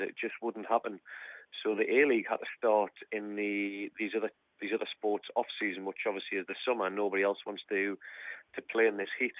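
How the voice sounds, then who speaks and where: A man's voice: on the low side, no echo. A man in his thirties with a Geordie accent, a footballer guest chatting casually over the phone and calling the host "mate" a lot. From North East England. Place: Australia, over a phone line. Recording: tinny phone line.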